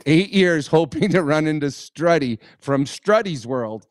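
Middle-aged guy co-hosting, telling a wild road story, does the loud voices, pretty high voice, dry sound. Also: a little slow, no room sound. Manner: animated storyteller, acts out loud quotes. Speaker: podcast co-host, former hockey player. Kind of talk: casual storytelling chat.

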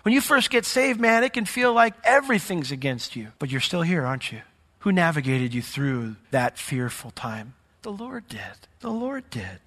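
A man preaching a lively sermon in a church, mixing stories and humor into his teaching. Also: a little high, normal speed. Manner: lively storytelling with humor and asides. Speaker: pastor. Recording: hall reverb from a church sanctuary.

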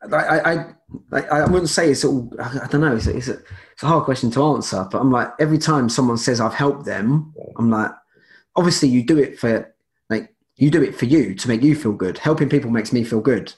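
A man's voice: mid-range voice, a little fast. A man speaking as a guest in a casual interview, rambling with many restarts and fillers.

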